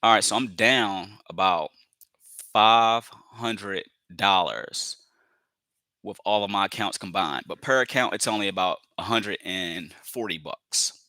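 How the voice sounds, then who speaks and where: Male streamer, lower voice with a crisp bright edge, easygoing live trading commentary full of "you know" and "family". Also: measured pace, no echo. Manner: repeats phrases, fills with "you know", calls viewers family; calm, talks himself into patience. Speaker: day trader streaming live trades.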